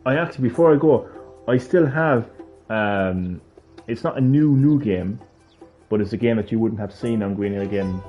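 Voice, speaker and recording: A man's voice: on the low side, lo-fi sound. A man streaming a video game, chatting casually, ranting and swearing in a mock-outraged way. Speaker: gaming streamer. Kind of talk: casual live-stream chat. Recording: game music faint behind.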